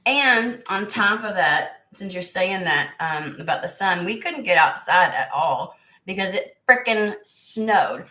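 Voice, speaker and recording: A woman's voice: medium pitch, lively intonation, measured pace, hardly any pauses, pushed and bright, roomy sound. A middle-aged woman hosting a casual livestream, chatting bluntly with viewers by name while still recovering from an illness that shows in her voice. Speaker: tarot channel host.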